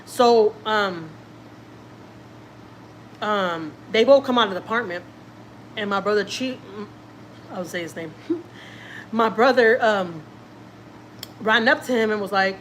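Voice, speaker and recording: Speaking slowly with frequent pauses, this Houston, Texas woman recounts a personal story for her family vlog, mimicking what others said and circling back to the same points. Her mid-range voice comes with a little hiss or hum.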